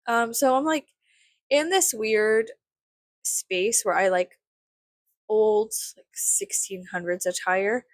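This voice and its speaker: A woman's voice: medium pitch, takes it slowly, pauses often, no room sound. A young woman from South Texas chatting casually to camera, rambling with lots of "like" and swearing freely. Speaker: vlogger.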